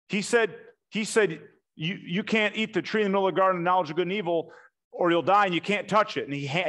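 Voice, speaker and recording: A man preaching a sermon, telling the story with animated emphasis and slowing down hard on key points. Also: mid-range voice. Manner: animated storytelling, acts out quotes, emphatic slow punchlines.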